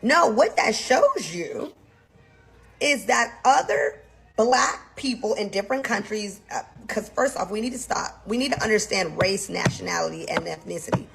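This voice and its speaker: An American woman co-hosting, giving fast, emphatic opinions in a casual chat. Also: medium pitch, expressive, gravelly, a bit bright, soft background music, poor audio. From United States. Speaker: co-host.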